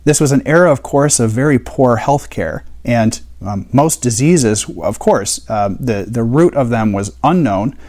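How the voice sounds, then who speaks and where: A man's voice: medium pitch, expressive, measured pace, hardly any pauses, darkish tone. A man teaching a Bible study in a conversational way, explaining and asking rhetorical questions.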